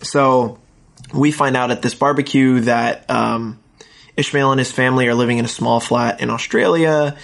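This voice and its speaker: A man with a creaky, medium-pitched voice casually recaps a TV episode with a co-host. He rambles through the retelling, acts out the characters' lines, and uses many fillers.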